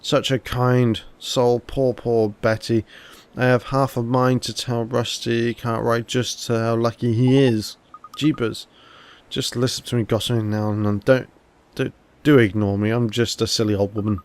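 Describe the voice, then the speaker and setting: A man's voice: mid-range voice, steady tone, normal speed, a little mellow, clear, resonant tone, lightly acted. A man doing a gossipy old neighbor woman. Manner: gossiping, fussing. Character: gossipy older female neighbor.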